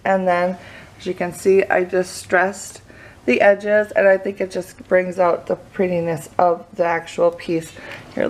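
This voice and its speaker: A woman's voice: mid-range voice, darkish tone. A young woman giving a casual tour of her living room for a home vlog, a bit out of breath and nervous, chatty and rambling with lots of fillers. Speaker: home decor vlogger. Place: indoor living room, hot room.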